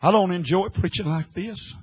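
A man preaching an impassioned sermon, swinging from hushed, quiet lines to loud, shouted ones. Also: high voice, normal speed, slightly rough, poor audio.

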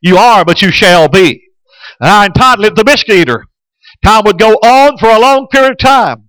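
Pastor guy preaching a sermon, pretty high voice, folksy, lots of uhs, dry sound. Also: lively intonation, normal speed, fairly bright tone, no echo, poor audio. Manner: folksy storytelling with frequent hesitations.

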